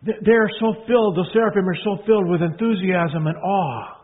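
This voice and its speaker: A man preaching a sermon, emphatic, repeating phrases and swinging from hushed to loud proclaiming. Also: sits high, brisk, breathy edge. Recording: tinny phone-like sound.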